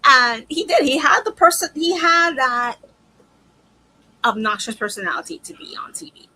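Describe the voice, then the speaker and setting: Woman, co-host, bright voice, fairly high, animated, emphatic. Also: low-quality recording. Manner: animated, emphatic, quick to agree. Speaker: podcast co-host. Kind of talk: casual wrestling chat.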